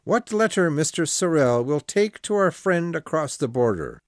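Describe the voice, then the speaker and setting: A formal host speaks with firm decision, as a male narrator voices him. The pitch sits a little raised and the sound is dry. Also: animated, normal speed, dry recording. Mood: decisive.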